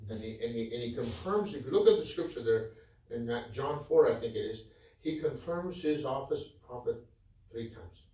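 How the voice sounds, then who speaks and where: Preacher with a far-off echo. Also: male voice, medium pitch, lively intonation, normal speed, darkish tone. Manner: conversational, acts out quoted dialogue. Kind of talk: sermon teaching. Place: church hall. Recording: echoey hall from far off.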